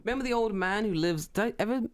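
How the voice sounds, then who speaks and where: A man hosting a podcast, telling stories in casual, profane, animated chat. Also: sits high, fast. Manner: animated, profane storytelling with lots of put-on voices. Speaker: podcast host.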